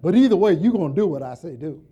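A man's voice: on the high side, animated, quick pace, dark tone, breathy edge, muffled recording, pitched below the performer's own voice. A man preacher speaking as God in a firm, stern way. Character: commanding deep-voiced God speaking, firm.

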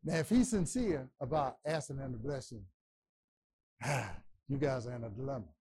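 A man teaching a Bible class, preaching with passion, stammering repetitions and bursts of shouting. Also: medium pitch, expressive, moderate pace, slight background noise.

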